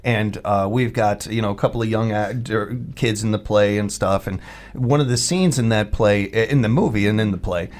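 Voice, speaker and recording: A man's voice: on the low side, normal speed, a little mellow. A man hosting a local radio talk show, rambling a little with many fillers. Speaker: radio host. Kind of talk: casual radio interview.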